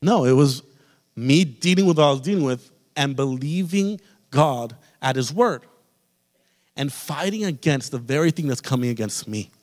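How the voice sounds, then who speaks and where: A man's voice: mid-range voice, expressive, normal speed, a little mellow. A male pastor preaching a sermon with passion, speaking straight to his congregation. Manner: impassioned preaching, addresses the congregation directly. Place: church sanctuary. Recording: long reverb of a church hall.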